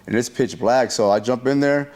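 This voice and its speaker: A man in a relaxed interview telling a story in a loose, slang-heavy and profane way. He is mid-pitched, and he keeps acting out what people said and punching it up with sound effects. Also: moderate pace. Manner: animated retelling that acts out what people said.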